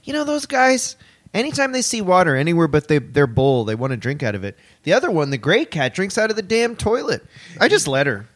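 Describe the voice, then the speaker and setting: A man's voice: on the high side, wildly swooping pitch, a little fast, a bit bright. A young man co-hosting a podcast in casual comedic chat, wry and rambling, easily amused. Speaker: podcast co-host.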